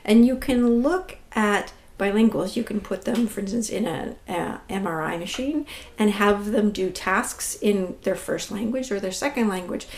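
A woman speaking as a language researcher, explaining things in a measured, step-by-step way. Her voice sits at an ordinary middle pitch. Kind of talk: explaining to an interviewer.

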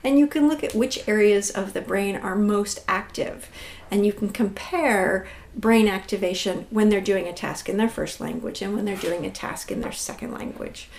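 Woman calmly explaining brain research. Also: mid-range voice, normal speed, vocal fry, slight background noise. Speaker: language researcher. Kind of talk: explaining to an interviewer.

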